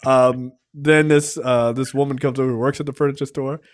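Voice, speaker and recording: A man's voice: mid-range voice, brisk. A man co-hosting a film review chat, joking with lots of slang and laughter. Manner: lively, laughing, profane slang-heavy banter. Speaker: film review podcast co-host. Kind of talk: casual conversational film discussion.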